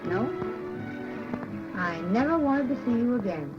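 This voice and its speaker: An actress playing a cool, sharp-tongued young wife, with crisp, cutting, theatrical delivery in a 1930s film. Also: female voice, fairly high pitch, lively intonation, a little slow, loud music behind the voice. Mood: teasing. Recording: muffled early sound-film audio.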